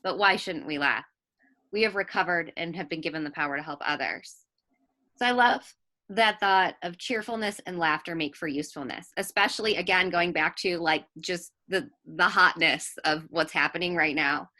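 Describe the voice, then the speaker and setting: A woman's voice: fairly low pitch, normal speed, bright, forceful tone. A woman guest on a casual recovery podcast, speaking in an earnest and reflective way.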